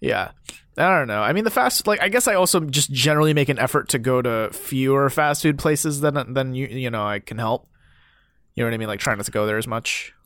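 A man's voice: medium pitch, brisk, fairly bright tone, dry recording, studio quality. A man from Ohio in casual chat as a podcast co-host, laid-back with short, easy replies.

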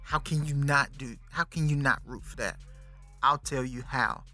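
Over soft background music, a podcast host in his thirties chats about a movie in a casual, slangy review. His mid-range voice moves at a moderate pace, and he's animated, often turning to address the listener directly.

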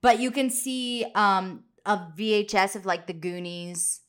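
A woman's voice: medium pitch, fairly even intonation, a little slow, a bit bright. A young woman co-hosting a podcast, chatting casually about a film with lots of fillers. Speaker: podcast co-host.

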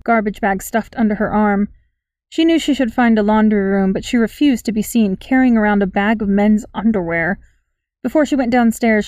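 A woman reading a story aloud in a steady, even storytelling manner. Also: fairly high pitch, dry recording. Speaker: audiobook narrator. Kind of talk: scripted narration.

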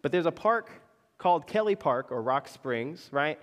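Preaching a storytelling sermon, a Florida pastor keeps asking his listeners "right?" after many of his lines. He speaks at a moderate pace with lively intonation in a fairly high voice, and the recording has a long reverb tail with the highs cut off.

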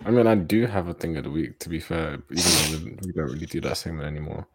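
A young man telling a story in a casual podcast chat from his bedroom, animated and breaking into laughter. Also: extremely low pitch, fast. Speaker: podcast co-host. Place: home bedroom.

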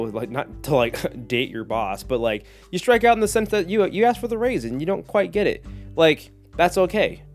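A man hosting a solo podcast, talking casually in a jokey, animated way with lots of tangents. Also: medium pitch. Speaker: podcast host.

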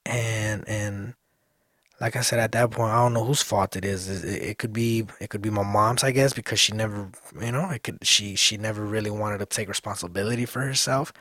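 A man's voice: fairly low pitch, steady tone, fairly quick, a bit bright, no echo, clean studio sound. A man in his thirties hosting a solo podcast, rambling casually, cursing often and restarting his sentences. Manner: rambling, swears a lot, many restarts.

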